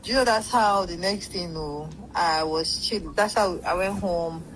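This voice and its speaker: A woman's voice: on the low side, measured pace, a bit bright, slight background noise, rough recording. A woman, a guest telling a long story in a rambling, casual way and acting out what others said. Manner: rambling, acts out quoted speech, swears. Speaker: interview guest.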